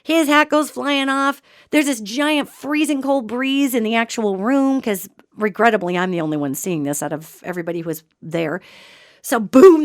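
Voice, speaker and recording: A woman hosts a spiritual podcast and recounts a ghost encounter. She talks in an emphatic, colloquial way with a slightly high voice. The recording is close and dry. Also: dry recording. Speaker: podcast host. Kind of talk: storytelling talk on spirits.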